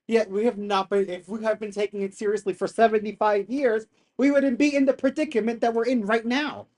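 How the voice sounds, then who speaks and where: A live streamer in casual commentary, animated and exasperated, rambling with slang and frequent swearing. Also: mid-range voice, fairly quick. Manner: rambling, restarts sentences. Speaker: streamer reacting to a hearing.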